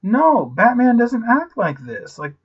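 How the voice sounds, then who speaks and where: A man in his thirties giving a casual, ranting movie review, animated and profane, constantly saying "like" and "you know". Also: very high-pitched, slow, slightly rough, dull audio. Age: 30s.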